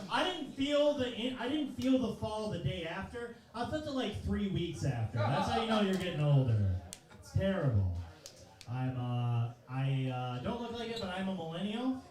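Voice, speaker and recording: Lively, profane man doing stand-up in his thirties. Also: sits high, moderate pace, very echoey, far from the mic, crowd noise, low-quality recording. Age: 30s. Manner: loose, profane, self-mocking. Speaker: stand-up comedian. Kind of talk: stand-up comedy set. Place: comedy club stage, live audience.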